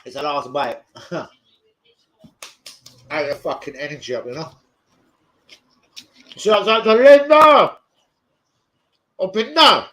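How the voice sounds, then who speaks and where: A young man hosting a live football watch-along, excitable, swearing and shouting out his viewers by name. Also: a little high, normal speed, pauses often, rough recording. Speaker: football fan channel host.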